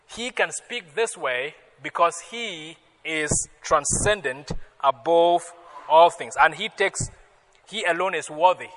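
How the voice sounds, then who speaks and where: A male pastor delivers a sermon in an unhurried, deliberate way, his voice bright and forceful. He climbs louder and higher whenever he quotes scripture. His words ring out with a long reverb, as if in a large church hall. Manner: emphatic, rises loudly on quoted scripture, chuckles with the congregation.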